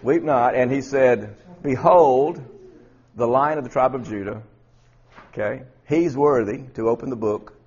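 A man with a husky voice teaching a Bible study class, often repeating words and quizzing his students. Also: mid-range voice, measured pace, a little mellow, lo-fi sound.

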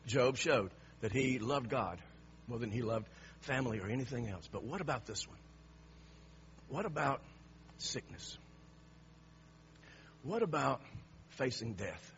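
A man preaching a sermon, dropping to hushed lines and then rising to emphatic, raised passages. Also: medium pitch, expressive, unhurried, long pauses, muffled recording, slight background noise.

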